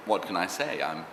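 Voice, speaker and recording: A man playing a grandiose male dialect coach who talks slowly and admires himself. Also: low voice, vocal fry, reverberant, in a large hall, heavy background noise, heavily acted. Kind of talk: mockumentary interview acting.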